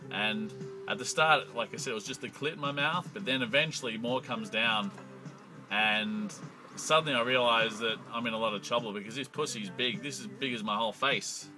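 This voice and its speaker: A man's voice: mid-range voice, brisk, over music, rough recording. A young Australian man telling a crude, profanity-laced comic story in a rambling monologue. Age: young adult.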